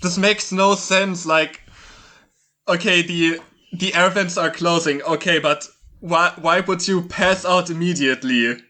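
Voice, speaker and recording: A man's voice: high voice, steady tone, unhurried, sharp tone. A man picking apart the story's logic in a quizzical way during a casual group reading. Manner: quizzical, nitpicking. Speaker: co-reader. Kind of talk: casual riffing chat.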